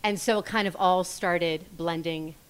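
A woman chatting as a podcast guest, talking in an enthusiastic, animated way about her own show. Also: fairly low pitch, unhurried, clear, resonant tone. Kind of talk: casual chat.

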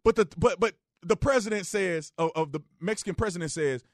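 A man hosting a radio talk show, giving casual joking opinion commentary, jumping between loud outbursts and low, quiet asides. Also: fairly quick, few pauses, no echo, clean studio sound, soft background music.

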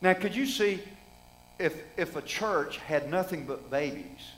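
A man's voice: fairly high pitch, expressive, a little slow, a bit bright, a little hiss or hum, low-quality recording. A middle-aged man preaching a sermon in a folksy, conversational way, asking the congregation rhetorical questions.

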